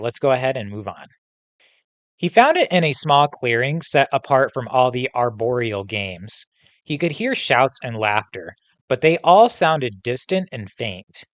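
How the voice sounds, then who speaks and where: A male teacher reading a novel aloud to students, pausing to pose comprehension questions in a steady, instructive way. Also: medium pitch, dry recording.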